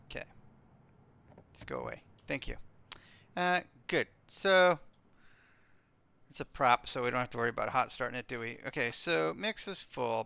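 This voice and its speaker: A man's voice: mid-range voice, creaky, bright, forceful tone, clean tone, dry recording. A man streaming a flight simulator, chatting casually and reading off checklists and radio calls. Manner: chatty, self-mocking, thinks aloud, reads off checklists. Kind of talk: casual live-stream commentary.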